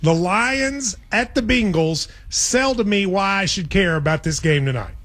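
A man hosts a sports radio segment, ribbing his co-host in playful chat. His voice sits notably high for a man. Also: unhurried, fairly bright tone. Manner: teasing, playful. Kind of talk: casual sports talk.

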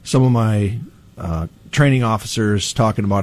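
A middle-aged man from Peoria, Illinois, a police chief talking through an interview in a relaxed way, with many ums and restarts. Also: lowish voice, normal speed, no echo. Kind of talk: casual interview.

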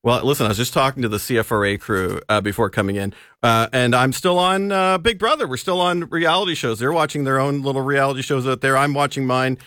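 A man chatting casually on a radio talk show, easygoing and quick to laugh. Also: mid-range voice, sharp tone, dry recording, studio quality. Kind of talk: casual chat. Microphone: studio microphone.

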